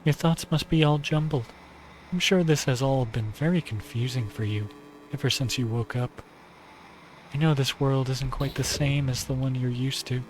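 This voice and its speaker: A male streamer reading a visual novel aloud and voicing an obsessive, possessive young woman who talks to her partner in a softly adoring, controlling way. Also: medium pitch, normal speed, a little hiss or hum, voice pushed up, natural voice, poor audio. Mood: coaxing.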